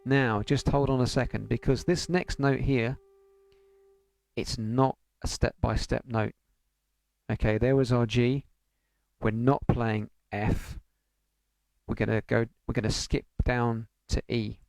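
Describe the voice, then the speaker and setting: A man's voice: mid-range voice, fairly even intonation, takes it slowly, vocal fry, a little mellow, dry recording. A man teaching an online piano lesson, patiently counting beats aloud and singing rhythm syllables.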